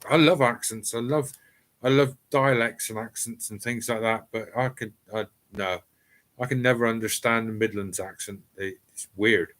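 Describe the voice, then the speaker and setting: A man's voice: medium pitch, fairly even intonation, normal speed, fairly bright tone. A middle-aged man with an East Cornish accent, hosting a casual live stream from his cellar and chatting to viewers with frequent ums and restarts. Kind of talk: casual live chat reading viewer comments. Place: home cellar.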